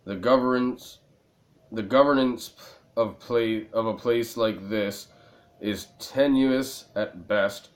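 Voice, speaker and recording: A man voicing a Turkish male informant in a video game who speaks low, hushed and slow. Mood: hushed, grave.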